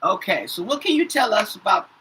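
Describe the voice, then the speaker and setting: A woman's voice: mid-range voice, very animated, a little fast, sharp tone, slightly rough, poor audio. Chatty woman reading tarot cards. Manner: says "okay?" after nearly every phrase, repeats herself. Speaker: tarot reader. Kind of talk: casual tarot reading to viewers.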